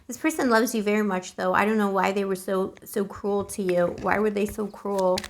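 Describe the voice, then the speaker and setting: A woman's voice: medium pitch, fairly even intonation, moderate pace. A woman giving a casual, chatty tarot reading to camera. She is emotional and keeps calling the listener boo. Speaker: tarot reader.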